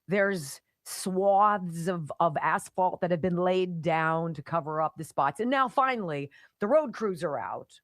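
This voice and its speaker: A woman's voice: lowish voice, animated, unhurried, few pauses, dry recording, studio quality. A woman hosting a talk radio show, delivering an opinionated monologue with sarcastic, mocking asides. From Pittsburgh area.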